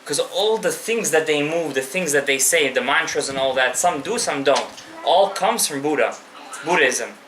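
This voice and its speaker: Male rabbi teaching a live class, impassioned and direct, bright tone, swinging pitch, echoey room. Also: expressive, normal speed, faint music behind. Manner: impassioned, addresses listeners directly, mixes in Hebrew terms. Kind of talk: live Torah class to an audience.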